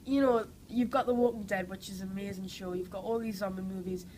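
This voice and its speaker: A young actress from Newcastle, England, with a Geordie accent and a cold, gives casual interview answers enthusiastically, full of "like" and "you know." Her mid-range voice is steady and dark-toned, and she speaks at a quick pace. The low-quality recording carries slight background noise.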